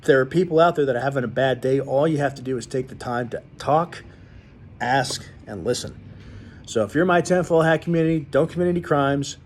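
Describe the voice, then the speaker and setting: A man's voice: mid-range voice, brisk. A man hosting his own show, ranting bluntly and rambling to his viewers with many restarts. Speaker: show host. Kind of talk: casual rant to viewers.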